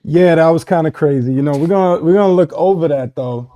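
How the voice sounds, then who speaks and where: A laid-back man co-hosting a podcast in casual chat, amused and quick to laugh. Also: on the high side, warm tone. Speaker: podcast co-host.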